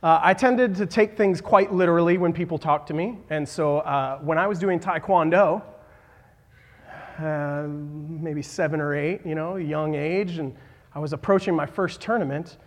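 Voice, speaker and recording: A man in his thirties preaching a sermon in a church hall, halting with fillers and restarts and joking about himself. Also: fairly high pitch. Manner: halting, many fillers and restarts, self-deprecating asides. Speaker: pastor. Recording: long reverb of a hall.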